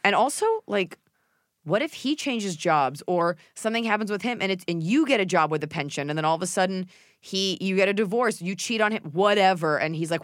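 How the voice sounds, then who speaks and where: A woman's voice: mid-range voice, lively intonation, a little fast, no room sound, clean studio sound. A woman hosting a podcast in casual chat, blunt and opinionated, swearing freely and mimicking people in silly voices. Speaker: podcast host.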